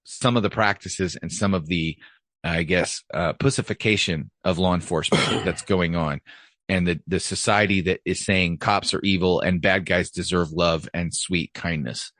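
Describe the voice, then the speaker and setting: A man's voice: low-pitched, normal speed, fairly bright tone, dry recording, clean studio sound. A man who is a former police officer co-hosting a podcast in casual chat, blunt, profane and opinionated. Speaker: podcast co-host.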